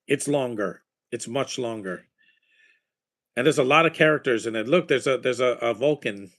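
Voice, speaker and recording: A man's voice: medium pitch, fairly bright tone. A man chatting casually while watching a movie, rambling with enthusiasm about films and their scores. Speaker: movie watcher giving reactions.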